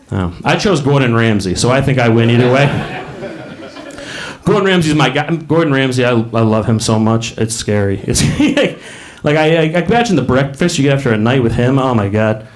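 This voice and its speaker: A man's voice: mid-range voice, expressive, moderate pace. A man performing a rambling stand-up comedy set on a comedy club stage, laughing at his own jokes.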